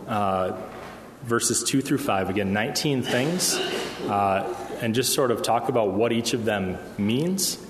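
A man's voice: medium pitch, a little hiss or hum. A man preaching a conversational sermon in church, often checking in with the congregation. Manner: conversational, asks the room "okay?" often. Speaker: pastor. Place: church hall. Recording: echoey hall with long reverb.

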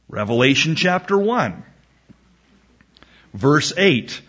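A man preaching a sermon, reading scripture slowly with emphasis and acting out a back-and-forth exchange. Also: mid-range voice, a bit bright. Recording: dull lo-fi recording.

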